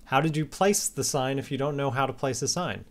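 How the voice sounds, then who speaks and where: A man hosting a casual gaming video, chatty and playful, reading out player messages and shouting now and then. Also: mid-range voice, brisk. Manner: chatty and playful, bursts into yells. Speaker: Minecraft server host reading player messages.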